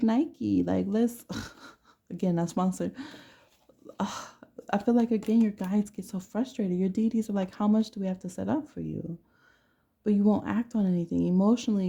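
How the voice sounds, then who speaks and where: A woman's voice: mid-range voice, gravelly, mellow, dull audio. A woman giving a casual tarot reading to camera with a blunt, playful way of talking. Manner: blunt, playful, laughs often. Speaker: tarot reader.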